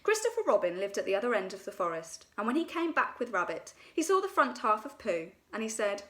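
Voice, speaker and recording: Expressive woman reading a children's story. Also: mid-range voice, fairly quick. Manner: gentle, expressive.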